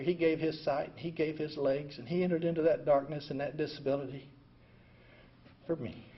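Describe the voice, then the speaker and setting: An older man telling his own recovery story in an emotional way, going from hushed to loud. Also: on the high side. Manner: emotional, swings from quiet to loud and laughing. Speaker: veteran speaker sharing a recovery story. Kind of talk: personal storytelling talk. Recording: dull lo-fi recording, faint ambient noise.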